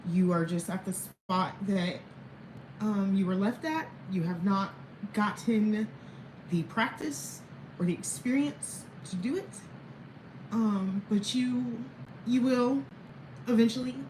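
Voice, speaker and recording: A woman's voice: medium pitch, slow, background noise. Candid woman in her thirties, echoey room. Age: 30s. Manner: rambling, candid, chuckles between thoughts. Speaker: vlogger. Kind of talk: casual personal talk to camera. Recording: echoey room, faint background ambience.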